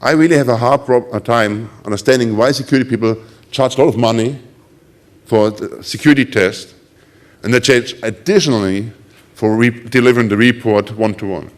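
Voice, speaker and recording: A middle-aged man speaking English with a German accent gives a conference talk. His pitch sits right in the middle for a man. He tells ironic stories and acts out other people's lines. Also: fairly quick. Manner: animated, ironic storytelling with acted quotes.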